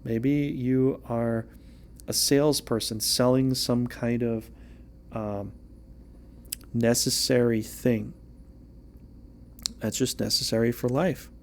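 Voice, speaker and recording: A man with a gravelly, creaky voice talks through a casual tarot reading. His pitch sits in an ordinary middle range. He rambles and jokes, often stopping to restart his sentences. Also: a little mellow. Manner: rambling and joking, with frequent restarts. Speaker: amateur tarot reader.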